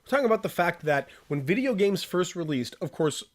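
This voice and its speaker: Playful man with a lively voice. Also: high voice. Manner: playful, quick interjections. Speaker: podcast co-host. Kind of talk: casual chat about video games.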